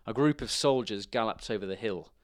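A man reading a children's storybook aloud in a measured, expressive way. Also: fairly low pitch, dry recording, clean studio sound.

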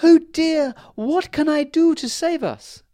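A man doing a fretful high fairy queen. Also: expressive, slow, darkish tone, dry recording, exaggerated voice. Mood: distressed. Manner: high, anxious and pleading.

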